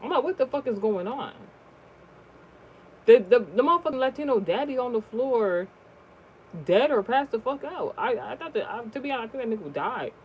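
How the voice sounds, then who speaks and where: This storyteller talks casually and rambles, stacking fillers and false starts and cursing freely. The pitch swings widely, shooting up sharply whenever the story gets dramatic. A faint hiss of noise sits under the voice. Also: animated, brisk, lo-fi sound. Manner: rambling, profane, many fillers and restarts; voice jumps high and loud at shocking moments. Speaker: storyteller vlogger.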